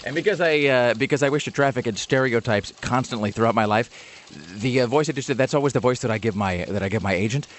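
A man's voice: medium pitch, fast, slight background noise. A man hosting a radio talk show, joking wryly and rambling through casual chat with his guest.

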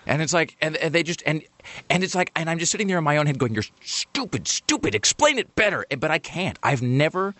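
A man's voice: fairly high pitch, fast, no echo. A man hosting a radio talk show, chatting casually and rambling through stories with many restarts. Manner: rambling, self-interrupting, animated storytelling.

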